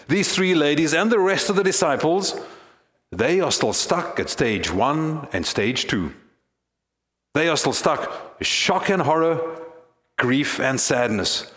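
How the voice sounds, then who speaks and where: A man's voice: on the high side, lively intonation, slow pace, fairly bright tone, roomy sound. A male pastor preaching a sermon, telling stories in an earnest way and building to emphasis.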